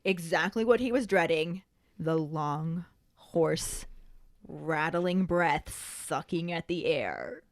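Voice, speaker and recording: A woman's voice: deep voice, lively intonation, takes it slowly, no echo, studio quality. A woman co-hosting a podcast in casual chat, retelling a story playfully. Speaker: podcast co-host.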